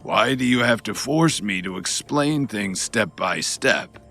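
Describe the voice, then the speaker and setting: A smooth, condescending middle-aged official, as a man acts him out in an audiobook, with a very deep voice and a forceful edge. He tries to smooth things over in a placating, patronizing way, with faint music behind him. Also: expressive, a little slow, exaggerated voice. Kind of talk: audiobook narration.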